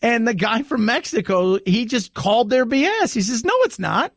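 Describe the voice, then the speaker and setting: Male American talk radio host, animated storyteller, bright high voice, keeps restarting sentences. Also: moderate pace, no room sound, clean studio sound. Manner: chatty storyteller, lots of restarts and "he goes".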